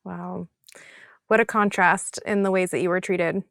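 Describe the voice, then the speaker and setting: A woman's voice: lowish voice, fairly even intonation, measured pace, vocal fry, a bit bright, no room sound, studio quality. A woman hosting a podcast interview, responding in an affirming way and sharing a related anecdote. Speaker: podcast host.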